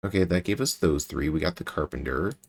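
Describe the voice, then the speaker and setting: A man's voice: extremely low pitch, brisk, vocal fry, breathy edge. A man with a General American accent, streaming a game playthrough and thinking aloud as he works through clues. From United States. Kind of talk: live game playthrough commentary.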